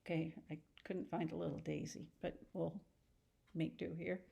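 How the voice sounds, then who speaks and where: Chatty woman teacher, animated retelling. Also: low-pitched, normal speed, creaky. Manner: chatty and animated, acts out scenes. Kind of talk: casual lesson retelling a novel.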